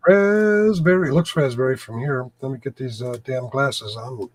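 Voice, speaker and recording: A man's voice: mid-range voice, unhurried, no echo. A man hosting a casual live-stream chat, joking and chuckling, with a voice he says is going. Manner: joking, chuckling, throat-clearing. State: losing his voice. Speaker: host of a live chat show.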